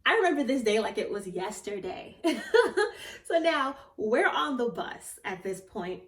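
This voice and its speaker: A young woman with a fairly high voice tells a story from her life in a casual vlog. She is animated and often laughs or squeals with excitement. The room is echoey and she sits a little back from the mic. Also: a little slow, distant mic. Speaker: theatre actor.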